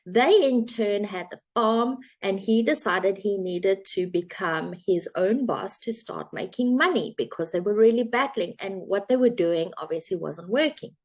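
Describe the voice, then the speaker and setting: A woman's voice: mid-range voice, expressive, a little slow, hardly any pauses. A woman coach telling a parable and drawing a motivational lesson from it, in a chatty storytelling way with some fillers. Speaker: self-help coach.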